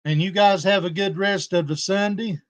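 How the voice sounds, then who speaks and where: A YouTube livestreamer, a man with a high-pitched voice, speaks at a moderate pace and keeps a steady tone. Chatting casually with viewers, he comes across as aggrieved and confrontational toward a rival and his audience.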